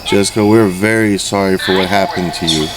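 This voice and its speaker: Low-voiced man questioning a spirit. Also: fairly even intonation. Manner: earnest, measured questioning. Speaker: paranormal investigator. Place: outdoors at a cemetery at night. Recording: noisy outdoor recording with crickets.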